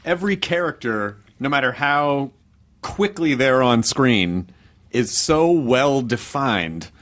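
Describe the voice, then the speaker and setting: A man's voice: mid-range voice, animated, takes it slowly, a bit bright. A man co-hosting a podcast, asking enthusiastic, loosely phrased questions with fillers. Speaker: podcast co-host. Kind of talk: casual interview chat.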